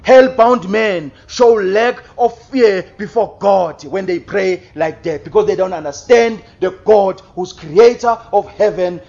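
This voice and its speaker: A man's voice: sits high, unhurried, hardly any pauses, darkish tone. A man preaching a sermon, emphatic and full of rhetorical questions, now and then mimicking babbled prayer to make his point. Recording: dull lo-fi sound.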